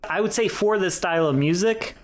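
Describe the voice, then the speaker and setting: A man's voice: high voice, fairly quick. A young man co-hosting a podcast, giving candid, rambling opinions in casual chat. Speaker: podcast co-host.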